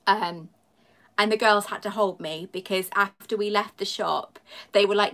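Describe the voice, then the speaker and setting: A woman's voice: medium pitch, steady tone, a little slow, fairly bright tone. A woman chatting effusively with viewers on a live stream, greeting them by name as a YouTuber and collector.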